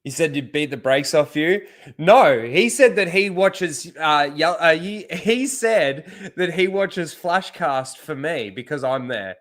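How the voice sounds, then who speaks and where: A man's voice: on the high side, animated, slow, fairly bright tone. A man hosting a casual livestream, swearing freely and chuckling often. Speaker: livestream host.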